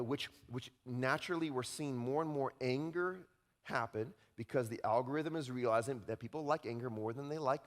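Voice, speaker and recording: A man preaching a sermon as pastor, speaking in a conversational, animated way and often checking in with the congregation. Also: mid-range voice. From Utah. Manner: conversational, animated, often tags lines with "right?".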